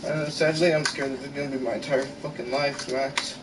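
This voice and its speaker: A man's voice: mid-range voice, fairly even intonation, brisk. A man ranting in a casual vlog, frustrated and exasperated, swearing constantly, recorded in his bedroom. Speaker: gaming channel vlogger. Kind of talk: casual rant to camera. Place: bedroom at home. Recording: roomy, far from the mic, noisy background.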